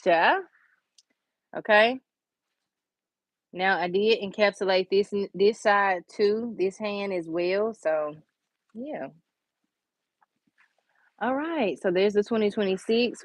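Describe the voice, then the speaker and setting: A woman's voice: mid-range voice, dry recording. A woman chatting casually through a nail tutorial, talking to viewers as y'all and honey in a folksy, chatty way. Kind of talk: casual how-to chat.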